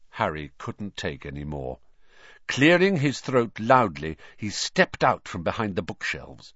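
A man reading a story aloud as narrator, with an expressive delivery. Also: fairly low pitch, moderate pace, dry recording. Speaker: audiobook narrator. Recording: dry, slightly muffled audio.

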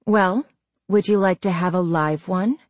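A woman's voice: mid-range voice, moderate pace, darkish tone, dry recording, lightly acted. A woman voicing a cruel, confident duplicate of a teenage girl, speaking with a mocking edge.

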